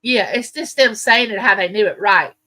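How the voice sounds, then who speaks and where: Here a woman from the American South talks at normal speed in a sharp, medium-pitched voice. She's hosting a laid-back live chat, rambling through stories for her viewers in a chatty way.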